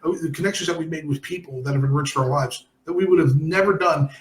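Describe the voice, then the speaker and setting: A man's voice: on the high side, fast talker, echoey room. A man from New Jersey hosting a podcast in casual chat, blunt and emphatic. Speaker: podcast host.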